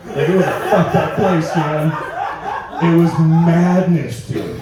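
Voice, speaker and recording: A man's voice: on the high side, steady tone, slow, crowd noise. Profane man in his forties, echoey. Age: 40s. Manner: profane, rambling, laid-back storytelling. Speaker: stand-up comedian. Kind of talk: stand-up comedy set. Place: large echoey room at a live show. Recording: echoey room, voice from far off.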